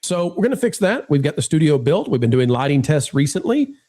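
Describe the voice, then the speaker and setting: A man hosting a live stream in casual chat, animated and joking as he talks straight to his viewers. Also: a little high, fairly quick. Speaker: livestream host.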